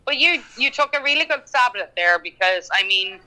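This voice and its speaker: A woman's voice: fairly high pitch, lively intonation, brisk, sharp tone, poor audio. A woman from Ireland with an Irish accent, a singer-songwriter chatting as a guest in an interview, laughing often and talking with plenty of fillers. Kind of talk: casual interview chat.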